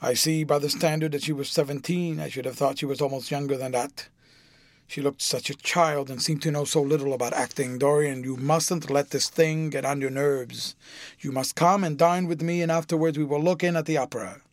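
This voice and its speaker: A man reading an audiobook, voicing a worldly, cynical aristocrat in an urbane, measured manner. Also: fairly high pitch, fairly even intonation, dry recording, lightly acted. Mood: coaxing. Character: worldly older aristocrat, cool, cynical, witty.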